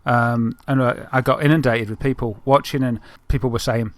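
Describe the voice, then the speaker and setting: A man with a Northern English accent chats casually on a podcast, drifting through long anecdotes full of fillers and restarts. His voice sits at a medium pitch and sounds dry, with no room echo. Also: fairly even intonation, fairly quick, hardly any pauses. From Northern England. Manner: chatty, rambling storyteller with many fillers. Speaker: podcast co-host. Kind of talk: casual chat.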